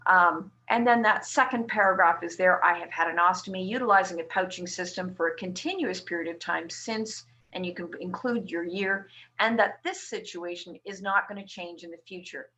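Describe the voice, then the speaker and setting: A woman's voice: lowish voice, normal speed, few pauses, pushed and bright. A woman nurse from Canada presenting a webinar, explaining a tax form step by step to patients. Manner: explanatory, walks through form slide by slide.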